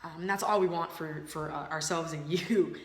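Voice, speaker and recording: A woman's voice: low-pitched, steady tone, normal speed. A woman co-hosting a casual spiritual chat, bubbly and giggly, with many fillers. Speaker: spiritual coach co-host. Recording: roomy echoey room.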